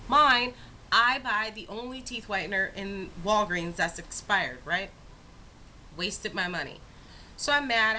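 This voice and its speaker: A young woman vlogging, her voice bright and clear as she tells a personal story. She talks in a casual, animated way, drawing the listener in with quick asides. Her pitch sits in an ordinary middle range for a woman. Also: slight background noise, poor audio. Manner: animated, expressive retelling with rhetorical asides.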